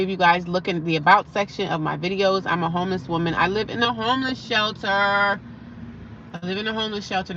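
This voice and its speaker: Pushed and bright yet fairly low in pitch, this young woman's voice comes through slightly dull lo-fi sound with faint background noise. As a livestream host, she casually reads out viewer comments and responds.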